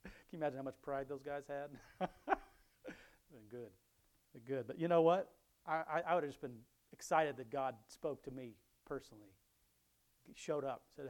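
A man's voice: mid-range voice, normal speed, pauses often. A middle-aged man preaching, reading Bible verses aloud and breaking off into chatty commentary with frequent chuckles. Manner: reads scripture aloud, then chats and chuckles between verses.

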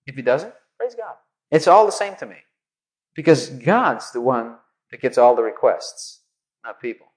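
A man's voice: mid-range voice, normal speed. A man preaching a sermon in a loose, conversational way, full of asides. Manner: conversational, animated storytelling, many asides.

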